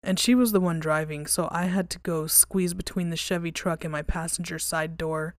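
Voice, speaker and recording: A woman hosting a podcast, reading creepy stories aloud and then chatting casually, relaxed and conversational, with some swearing. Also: on the low side, normal speed, dry recording, studio quality.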